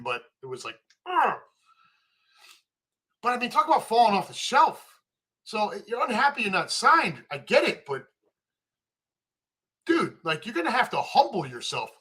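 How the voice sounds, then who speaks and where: A man hosting a live sports chat stream, ranting with animated energy and reading viewer comments. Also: high-pitched, slightly rough.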